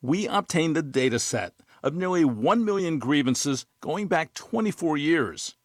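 A man reporting as an investigations correspondent, reading a scripted news report in a measured, even way. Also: fairly high pitch, no room sound. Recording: dry studio voice.

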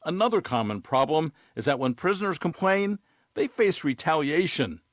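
Measured male news correspondent. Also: on the high side, dry recording. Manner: measured, even delivery. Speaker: investigations correspondent. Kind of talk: scripted news report. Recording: dry studio voice.

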